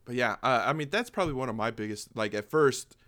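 A man co-hosting a casual movie podcast, talking quickly and emphatically. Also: medium pitch, lively intonation, a bit bright. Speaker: podcast co-host. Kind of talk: casual chat.

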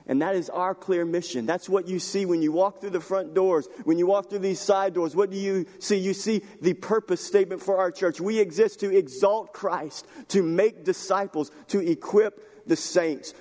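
A man preaching a sermon in a church sanctuary. His voice sits a little high for a man, and it carries long reverb from the hall. He reads Scripture calmly, then presses his points with fervent, emotional emphasis. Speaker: pastor.

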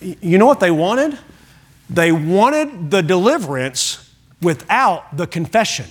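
A man's voice: high voice, big pitch swings, measured pace, husky. A man preaching a sermon to a church congregation, emphatic and repetitive, putting questions directly to his listeners. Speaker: pastor. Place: church sanctuary.

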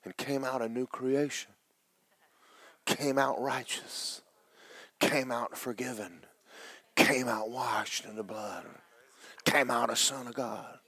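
A middle-aged male pastor preaching, his voice tearful, dropping to whispers and rising to loud cries. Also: medium pitch, slow, pauses often, husky, dry recording. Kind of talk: sermon.

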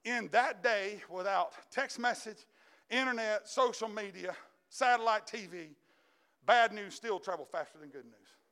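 A man preaching a sermon, telling a story dramatically, acting out the characters and building up to shouts. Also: high voice, unhurried, clear, resonant tone.

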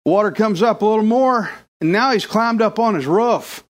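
A male pastor preaching a sermon, telling stories with lively voices for the characters. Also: high-pitched, moderate pace. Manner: animated storytelling, puts on voices for characters.

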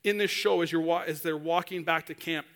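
A man's voice: on the high side, fairly even intonation, brisk, a bit bright. A male preacher giving a sermon, telling a story animatedly and acting out the voices of the people in it.

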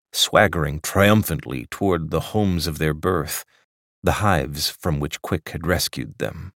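A man narrating a literary short story in a measured, even storytelling manner. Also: sits low, no room sound, clean studio sound. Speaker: audiobook narrator.

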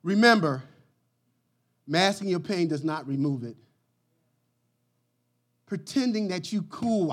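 A pastor preaching a sermon with passion, swinging from quiet lines to shouts and breaking into laughter and jokes. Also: male voice, high voice, expressive, unhurried, long pauses, husky.

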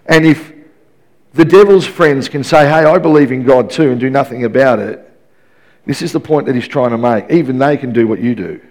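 A man's voice: medium pitch, animated, moderate pace. A man in his fifties preaching a sermon in an emphatic, repetitive way, often restarting his sentences.

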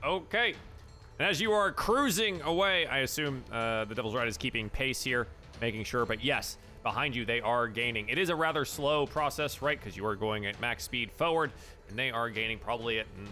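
A man's voice: mid-range voice, moderate pace, bright, forceful tone, soft background music. A man narrating a tabletop game as game master, describing scenes and calling for dice rolls.

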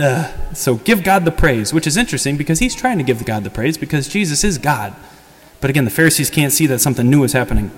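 A man who is a priest, giving a casual sermon that retells a story and acts out the quotes. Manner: lively storytelling, acts out quotes with higher pitch and laughs. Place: church. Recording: long church reverb.

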